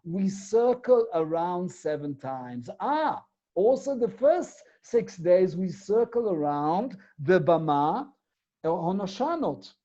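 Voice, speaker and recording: A man teaches a Torah lesson in a mellow, warm voice. He builds his point step by step and keeps asking rhetorical questions. The recording is dull and lo-fi. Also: high-pitched, big pitch swings, slow pace.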